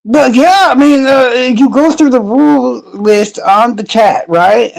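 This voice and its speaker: Guy streaming, rambly and sarcastic, lots of cursing, pretty high voice, dry close mic. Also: unhurried, vocal fry, a little mellow, no echo, low-quality recording. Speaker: true crime streamer. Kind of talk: casual live-stream chat with viewers.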